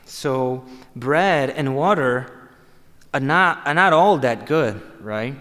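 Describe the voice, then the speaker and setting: A man's voice: medium pitch, animated, slow, a bit bright. A man preaching a sermon, emphatic and repeating phrases for stress. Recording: long hall reverb.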